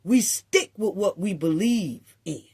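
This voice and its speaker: A woman delivers a scolding opinion monologue, throwing out sarcastic rhetorical questions. Her pitch swings up and down as she talks, and she takes her time with the words. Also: lively intonation, takes it slowly, dark tone, breathy edge. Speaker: commentary vlogger.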